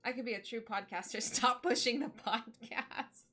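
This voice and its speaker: A woman in her thirties, a streamer chatting casually on a live stream and opening gifts in a bubbly, excitable way. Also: fairly high pitch, normal speed, soft background music. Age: 30s.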